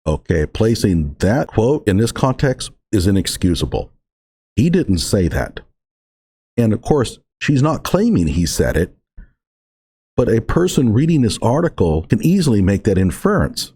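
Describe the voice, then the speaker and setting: Male commentator, low husky voice, lively swings in pitch, emphatic and sarcastic reaction talk. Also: measured pace.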